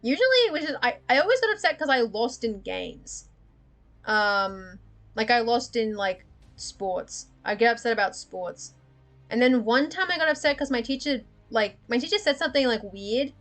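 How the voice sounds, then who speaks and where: A woman's voice: a little high, animated, moderate pace, a bit bright, soft background music. A young woman, chatting candidly on a livestream, swearing freely and laughing often. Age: young adult. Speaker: livestream host. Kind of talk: casual livestream chat.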